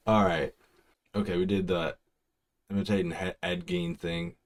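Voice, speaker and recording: Young male reaction host, very low voice, rambling and excitable, keeps restarting sentences. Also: normal speed, long pauses. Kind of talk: casual reaction commentary.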